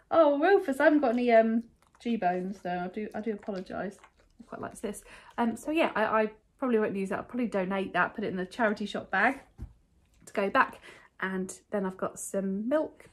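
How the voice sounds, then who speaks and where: A woman's voice: medium pitch, a little fast. A woman with a British accent chatting casually to camera at home, showing off thrifted finds in a rambling, enthusiastic way. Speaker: vlogger showing a thrift haul. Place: at home, indoors.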